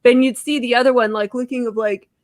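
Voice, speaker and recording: A woman's voice: fairly high pitch, fairly even intonation, a little fast, no room sound, clean studio sound. A young woman telling stories in a casual comedy podcast chat, filling her talk with "like". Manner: chatty, storytelling with lots of "like". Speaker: comedian guest.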